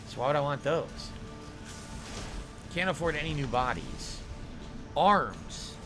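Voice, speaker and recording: A man's voice: on the high side, sing-song, slow pace, long pauses. A man live-streaming a game, thinking aloud over gear choices and thanking viewers for tips. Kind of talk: live gameplay stream chat. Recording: game music behind.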